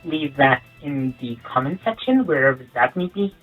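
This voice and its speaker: A comedy youtuber rambling through a sarcastic, animated monologue. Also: medium pitch, moderate pace. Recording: tinny lo-fi sound with faint music.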